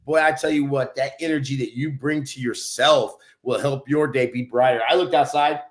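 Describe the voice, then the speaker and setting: A man's voice: mid-range voice, steady tone, moderate pace. Guy from new mexico hyping you up on a podcast, upbeat pep talk vibe, mid voice. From New Mexico, USA. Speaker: podcast co-host. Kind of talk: motivational casual talk.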